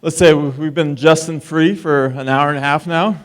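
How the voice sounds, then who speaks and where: A man's voice: on the high side, steady tone, normal speed. A man giving a best man's wedding toast, teasing and wisecracking with the guests at a reception in a distillery. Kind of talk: joking wedding speech.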